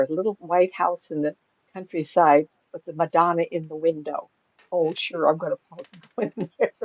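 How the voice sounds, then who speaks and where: Older woman, chatty storyteller with a lowish voice, laughs a lot, dry lo-fi home recording. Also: little pitch movement, moderate pace, darkish tone, no room sound. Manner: chatty, laughs often, acts out quoted voices. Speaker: psychic medium guest. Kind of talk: casual storytelling.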